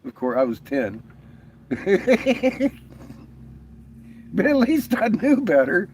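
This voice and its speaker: Over a faint hiss or hum, a man with a high-pitched, darkish voice speaks slowly with huge pitch swings. He tells casual vlog stories full of swearing and laughter, acting out other people's words.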